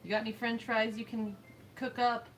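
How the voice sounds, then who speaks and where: A woman's voice: a little high, flat delivery, moderate pace, a little hiss or hum, low-quality recording. Giggly chatty woman streamer. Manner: giggly, chatty, reads chat aloud. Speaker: streamer co-host. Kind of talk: casual chat while gaming.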